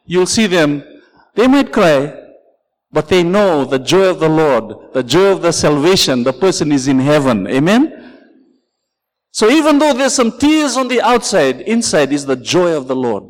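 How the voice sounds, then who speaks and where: A man's voice: very high voice, in a large hall, low-quality recording. A man preaching a sermon as pastor, telling a story and calling out "Amen" and "Praise the Lord" to his congregation.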